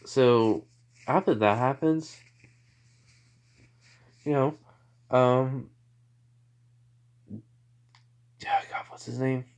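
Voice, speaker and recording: A man's voice: mid-range voice, drawn-out words, vocal fry, pauses often, clean tone. Rambling man telling a fan story. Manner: rambling, full of fillers like "you know" and "like". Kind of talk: improvised spoken fan fiction.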